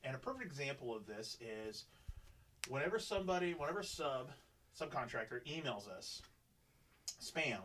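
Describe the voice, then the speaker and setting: A man's voice: mid-range voice, normal speed, long pauses, distant mic, slight background noise, poor audio. A man telling a long work story in a casual podcast chat, swearing freely and acting out what people said. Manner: profane, animated, acts out quoted dialogue.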